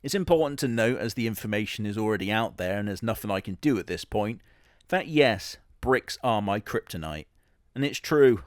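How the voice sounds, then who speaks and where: A man playing a boastful, scheming Big Bad Wolf who defends himself in a deadpan, rambling comedy monologue. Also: medium pitch, dry recording, studio quality, close to an everyday voice. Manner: self-justifying, deadpan, rambling. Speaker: comic character monologue.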